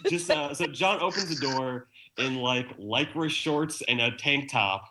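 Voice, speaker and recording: A man's voice: medium pitch, measured pace, heavy background noise. A man hosting a podcast in casual chat, telling stories with lots of laughter. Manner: animated storytelling, laughs often. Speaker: podcast host.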